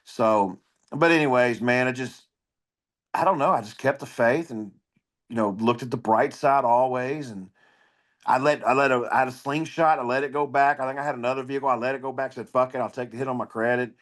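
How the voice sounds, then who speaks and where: Man, comedian guest, blunt, swears freely, animated storytelling, mid-pitched voice. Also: fairly quick. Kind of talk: casual storytelling interview.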